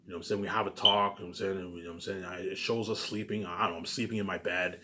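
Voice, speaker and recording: Rambling man with a low voice, talking fast. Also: steady tone, bright, forceful tone, slight background noise. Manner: repetitive, stumbling restarts, keeps saying "you know what I'm saying" and "obviously"; swears casually. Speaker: vlogger pitching his movie ideas. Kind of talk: rambling casual monologue.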